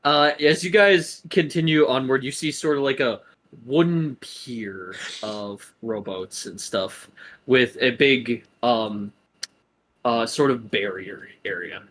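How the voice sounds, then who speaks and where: A man's voice: medium pitch, slow pace, fairly bright tone. A man narrating as game master in a tabletop game, rambling with lots of ums and uhs.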